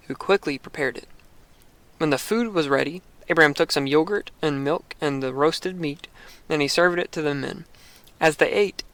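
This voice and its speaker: Slow-reading man with dry close voice. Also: a little high, bright, forceful tone, dry recording. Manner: slow reading with self-corrections and joking asides. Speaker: reader of scripture. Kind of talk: reading scripture aloud with casual asides.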